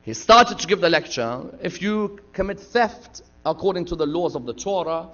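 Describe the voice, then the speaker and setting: A man with a high, animated voice preaches from a lecture hall pulpit at normal speed, his tone bright and forceful. He retells stories dramatically in his sermon and acts out the dialogue. The recording sounds dull and lo-fi.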